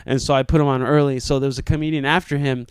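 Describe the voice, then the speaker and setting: A young man telling a comedy story in casual podcast chat, acting out shouted quotes with lots of energy. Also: mid-range voice, fast, clean tone, dry recording. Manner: animated, acts out shouted quotes. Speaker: comedian and show organizer.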